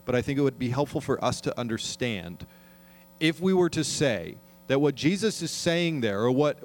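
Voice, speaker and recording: A pastor preaches a sermon in a slightly high voice, earnest and conversational. He often puts questions to the congregation and slows down when reading scripture.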